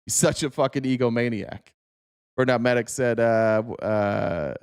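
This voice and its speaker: A man hosting a casual political talk show, ranting at an ordinary mid pitch with sarcastic, profane energy. He jumps between reading chat comments and fired-up commentary, pitch swinging high when he gets worked up. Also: steady tone, normal speed, smooth.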